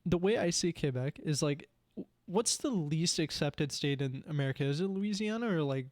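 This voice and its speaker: A man's voice: fairly high pitch, lively intonation, moderate pace, dry recording, clean studio sound. A young man co-hosting a podcast in casual chat, rambling with many "like"s and "you know"s. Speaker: podcast co-host.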